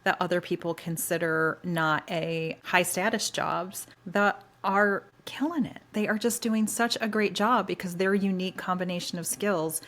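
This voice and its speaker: A woman co-hosting a podcast, talking about a novel in a casual, enthusiastic and expressive way. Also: lowish voice, normal speed, few pauses. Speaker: podcast co-host. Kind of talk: casual book discussion.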